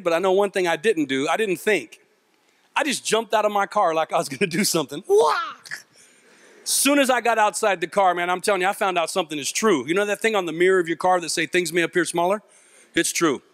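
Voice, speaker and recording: A man with a fairly high speaking voice tells a comic story on stage to a live audience. He is animated and self-mocking, and he acts out the voices of the people in his tale. The sound is dry and close. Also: no echo. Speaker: youth mentor and speaker.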